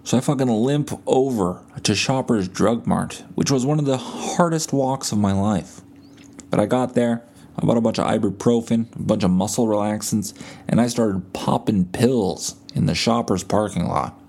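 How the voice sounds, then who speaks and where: Male podcaster, gravelly and laid-back, rambling and profane, buzzed from painkillers and bedridden at home. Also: fairly low pitch, normal speed, darkish tone. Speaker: podcast host. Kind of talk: casual solo podcast storytelling.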